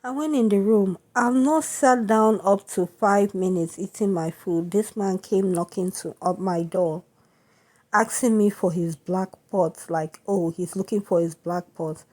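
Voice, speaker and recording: A woman's voice: medium pitch, a little slow, darkish tone. Indignant woman venting to camera. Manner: indignant, keeps asking "you understand?". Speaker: vlogger.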